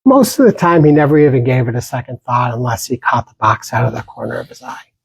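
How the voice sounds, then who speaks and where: A man giving a dharma talk as a meditation teacher, speaking gently with pauses and small restarts. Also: medium pitch, expressive, gravelly, husky, no room sound, low-quality recording.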